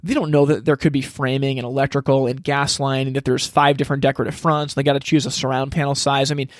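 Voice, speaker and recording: A man teaching a step-by-step sales process in casual, energetic talk, acting out lines he would say to customers. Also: mid-range voice, fast talker, no room sound, studio quality. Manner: energetic, acts out customer dialogue, frequent restarts. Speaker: sales trainer.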